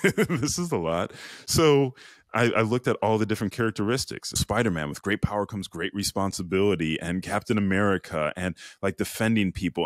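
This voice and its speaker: A deep, low-pitched man speaks close to the mic, his voice dry with no room sound. He tells his personal story earnestly and reflectively as a podcast guest, acting out the inner questions he heard. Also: no room sound. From Chicago. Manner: earnest, lively retelling with quoted inner voices.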